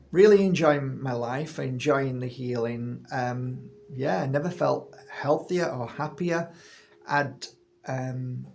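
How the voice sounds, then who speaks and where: A man's voice: medium pitch, creaky, slight background noise. A man in his fifties, a healer and channel host, casually telling a personal story, rambling with frequent restarts.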